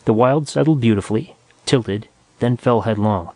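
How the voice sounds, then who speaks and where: A man reads a science fiction story aloud at an ordinary middle pitch, steady and measured. The recording is dry and close, with no room sound. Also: dry recording. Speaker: narrator. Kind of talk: scripted audiobook narration.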